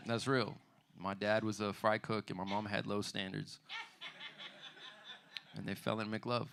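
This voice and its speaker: A man's voice: lowish voice, little pitch movement, unhurried, creaky, noisy background. A man performing a stand-up comedy set in a loose, conversational way, often asking "you know what I mean". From United States. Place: theater bar stage.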